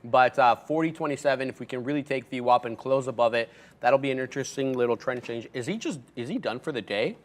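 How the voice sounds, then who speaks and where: A man's voice: medium pitch, quick pace. A man co-hosting a live day-trading stream in a studio, calling his trades and talking to the chat. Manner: upbeat, talks to chat. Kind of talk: casual live market commentary.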